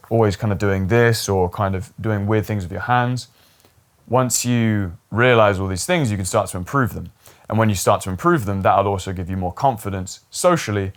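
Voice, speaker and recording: A young man talking to camera at his desk, giving relaxed, rambling advice with lots of fillers. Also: low-pitched. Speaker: YouTube coach on talking to camera. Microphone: camera mic, seated at desk.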